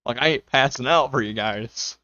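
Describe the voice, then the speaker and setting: A man's voice: medium pitch, moderate pace, sharp tone, clean tone, no room sound. A young man streaming from home, rambling casually to his viewers with lots of fillers. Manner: rambling, with many fillers and quoted self-talk. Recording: dull lo-fi mic, faint music.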